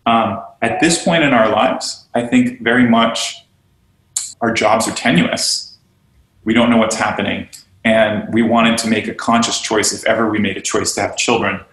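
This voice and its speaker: In an echoing room, a podcast guest who owns a yoga studio and trains teachers speaks with a fairly low pitch, fairly even intonation, normal speed and a slightly bright tone. He earnestly and animatedly explores teaching and belonging, often performing the voices of people he quotes.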